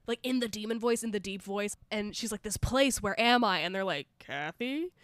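A woman co-hosting a podcast in casual chat, animated and swearing freely as she acts out movie characters. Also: medium pitch, fairly quick, dry recording, clean studio sound. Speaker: podcast co-host.

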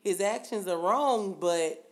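A woman co-hosting a casual chat, relaxed and blunt, with slangy remarks and frequent laughter. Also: mid-range voice, slow. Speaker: podcast co-host.

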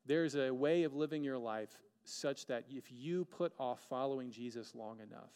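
A man's voice: medium pitch, moderate pace, few pauses, a little mellow, clean tone, big-room sound. A man preaching a sermon as a pastor, earnest, with rhetorical questions and dramatic shifts of pace.

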